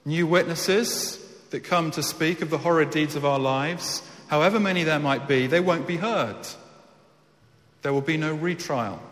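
A man's voice: fairly high pitch, moderate pace, a bit bright. A man preaching an earnest, emphatic sermon. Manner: earnest, emphatic with repeated words. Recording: echoey hall.

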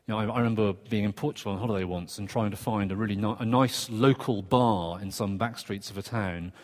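A man preaching a sermon in a conversational, earnest way, with quick asides and restarts. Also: on the low side. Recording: long reverb of a church hall.

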